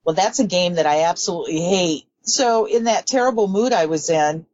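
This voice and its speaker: A woman with a fairly low voice recounts a personal memory in a reflective, earnest way. The recording sounds dull and lo-fi. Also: moderate pace, a little mellow, no room sound. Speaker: interview guest. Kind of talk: casual storytelling.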